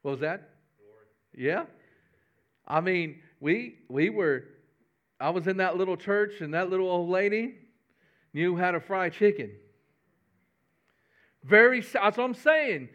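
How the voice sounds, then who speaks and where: A man's voice: high-pitched, expressive, slow pace, long pauses, fairly bright tone, dull audio. A man, a pastor giving a folksy, conversational sermon with humor.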